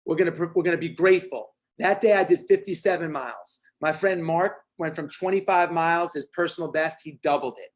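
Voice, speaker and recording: High-energy man telling a story. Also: fairly quick, hardly any pauses. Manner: energetic, punchy storytelling with acted-out quotes. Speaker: motivational speaker. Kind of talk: storytelling talk on a video call.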